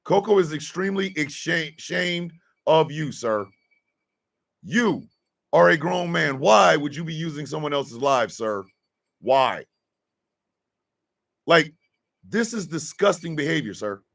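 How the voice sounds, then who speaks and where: A man's voice: on the high side, expressive, measured pace, gravelly, long pauses, a bit bright. A man hosting a casual live stream, scolding a troll in mock indignation and tacking "sir" onto his lines.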